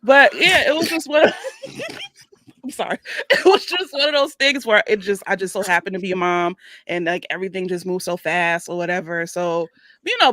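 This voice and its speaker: Lively, bright-voiced Black woman. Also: medium pitch, dry recording, studio quality. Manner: animated storytelling, apologetic. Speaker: guest. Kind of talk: casual group chat.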